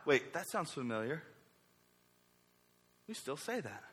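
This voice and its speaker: Young man, pastor, high bright voice, animated sermon, reverberant hall. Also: fairly quick, slightly rough. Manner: energetic, acts out quoted speakers with varying voices.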